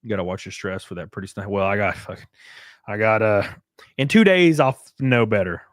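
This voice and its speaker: A man's voice: fairly low pitch, fairly quick, no room sound. A man streaming live, reading chat messages and riffing sarcastically with plenty of swearing and mocking voices.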